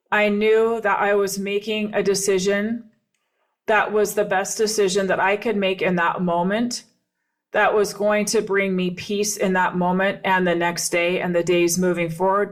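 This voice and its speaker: Earnest middle-aged woman telling a story. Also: medium pitch. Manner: earnest and reflective, repeats phrases for emphasis. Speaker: podcast host and coach. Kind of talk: personal storytelling monologue.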